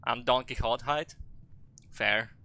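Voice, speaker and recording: Male game streamer, very bright tone, dry close mic; rambling jokey commentary, profane, loud spikes. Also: mid-range voice, slow, gravelly, no room sound. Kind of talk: casual live gameplay commentary.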